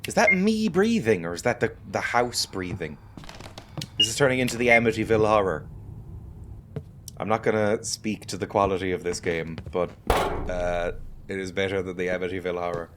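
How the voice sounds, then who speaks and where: A man's low, fairly even voice moves fairly quickly but with long pauses as he offers wry, joking let's-play commentary as host of a gaming video, addressing the game and viewers. There is background noise.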